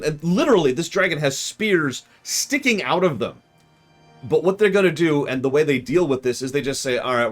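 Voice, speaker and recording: Animated male game streamer. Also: medium pitch. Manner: animated, exasperated outbursts, retells scenes with quick mock voices. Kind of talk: casual let's-play commentary.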